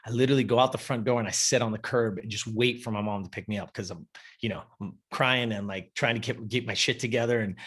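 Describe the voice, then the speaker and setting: A man's voice: mid-range voice, husky. A man in his fifties, a podcast guest, telling a personal story in a casual, emphatic and profane way. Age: 50s.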